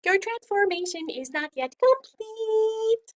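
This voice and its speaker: A woman's voice: high-pitched, very animated, slow, heavily acted. A woman voicing Bubbles, a mysterious creature who sings her teasing answers in a storybook. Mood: sing-song teasing. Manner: sing-song, teasing. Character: sing-song mysterious creature guide.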